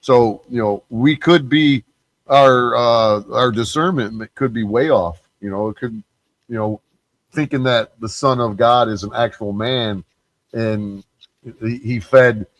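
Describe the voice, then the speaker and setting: A man's voice: mid-range voice, slow, no echo, low-quality recording. A man in a casual panel discussion who speaks hesitantly, restarting his sentences. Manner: hesitant, many fillers and restarts.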